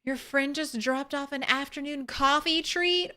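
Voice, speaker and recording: A young adult woman streams a game live, chatting casually and greeting her viewers with giggles in a bubbly way. Her voice is high and sharp in tone, at a measured pace.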